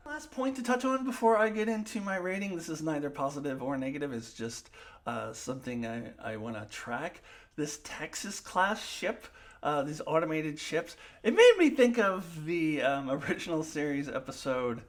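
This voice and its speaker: A woman's voice: low voice, animated, moderate pace. A woman talks through her opinions of a TV episode in a solo review. She is emphatic and opinionated, rising sharply when annoyed. She stops often to restart sentences. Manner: frequent fillers and restarts.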